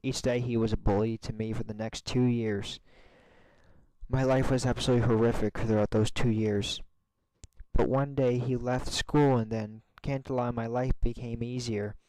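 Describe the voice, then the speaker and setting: A man's voice: mid-range voice, fairly even intonation, darkish tone, dry recording, lightly acted, poor audio. A man reading a fan story aloud, voicing a protective, anxious young female pony who turns insistent and angry. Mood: confiding. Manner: insistent, worried, quick to anger.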